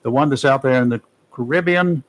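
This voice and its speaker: A male talk radio host chatting on air from a studio. His talk is folksy and loose, full of small jokes, and he often pauses on "uh" as he goes. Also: mid-range voice, low-quality recording. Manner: folksy and joking, with many fillers. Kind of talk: casual talk radio commentary.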